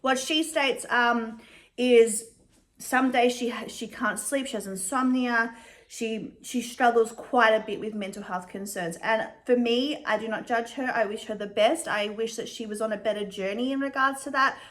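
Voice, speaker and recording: A young adult woman giving casual commentary as a vlogger, chatty and measured, with frequent fillers. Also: on the high side, steady tone.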